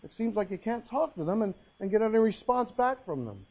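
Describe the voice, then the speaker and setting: A man with a notably high voice delivers a sermon, mixing folksy joke stories with scripture readings. The sound is thin and narrow, like it was captured over a phone line. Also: very animated, a little fast, breathy edge. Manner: folksy storytelling with jokes and Bible reading. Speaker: pastor.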